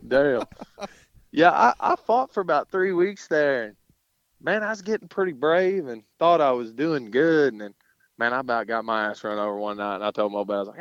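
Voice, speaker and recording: A man's voice: mid-range voice, moderate pace, no room sound. Male guest, folksy drawl, dry close sound. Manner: folksy, drawling, lots of fillers and mild cursing. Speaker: podcast guest, rodeo cowboy. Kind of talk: casual storytelling. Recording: dull lo-fi sound.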